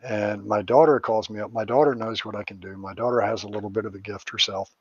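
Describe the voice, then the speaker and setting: A man's voice: fairly low pitch, fairly even intonation, quick pace, husky, no echo, highs cut off. A middle-aged man, a psychic medium and paranormal investigator, rambling through stories in a casual interview, with crude jokes and swearing.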